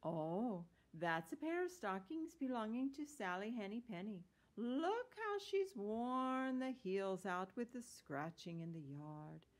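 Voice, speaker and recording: A woman's voice: medium pitch, big pitch swings, takes it slowly, hardly any pauses, pitched above the performer's own voice. A woman voicing a fussy little female hedgehog washerwoman in a storybook reading, with bobbing, deferential, old-fashioned country speech. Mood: eager, polite.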